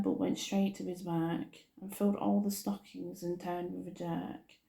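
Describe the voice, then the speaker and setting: A woman reading a poem aloud in a soft-spoken ASMR style, often stumbling over words and apologizing, recorded on a phone. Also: medium pitch, vocal fry, reverberant. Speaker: ASMR creator.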